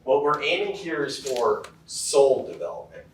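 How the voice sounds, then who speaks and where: A man's voice: on the high side, expressive, unhurried, a little hiss or hum. Casual male keynote speaker in an echoey hall. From California. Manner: casual storytelling with many fillers. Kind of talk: motivational keynote talk. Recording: very echoey hall, heard from far off.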